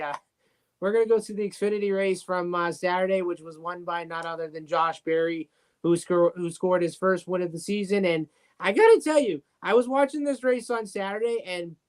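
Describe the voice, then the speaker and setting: A man's voice: high voice, smooth. A man hosting a casual racing podcast, easygoing and agreeable in his delivery. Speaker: podcast host. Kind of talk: casual sports talk.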